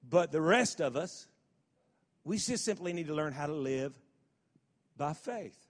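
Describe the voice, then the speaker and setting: A man's voice: on the high side, expressive, unhurried. A man preaching a sermon as pastor, stumbling over repeated words and building to emphatic declarations. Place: church service hall. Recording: long hall reverb.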